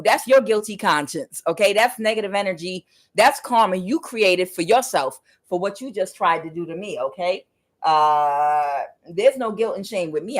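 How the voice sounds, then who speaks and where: With a mid-range voice, this woman tarot reader shares a personal story directly with viewers, frank and full of profanity. She's animated and casual, laughs frequently, and jumps into the voices of those she mentions.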